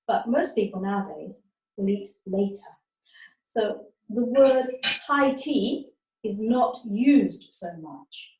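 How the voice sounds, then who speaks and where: A middle-aged woman from England teaching learners in a slow, deliberate way, often checking that they follow. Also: mid-range voice, expressive, distant mic, background noise. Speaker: webinar teacher. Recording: echoey room, speaker off-mic.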